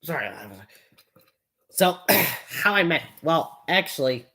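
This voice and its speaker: A woman's voice: deep voice, expressive, takes it slowly, fairly bright tone. A woman chatting casually on a live stream, rambling and giggling, with lots of fillers.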